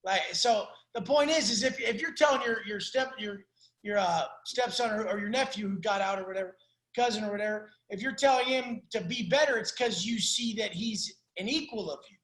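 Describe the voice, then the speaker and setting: A man's voice: high-pitched, fairly quick, fairly bright tone, roomy sound. A man coaching a caller in a blunt, profane, preachy way. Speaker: life coach. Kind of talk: coaching call.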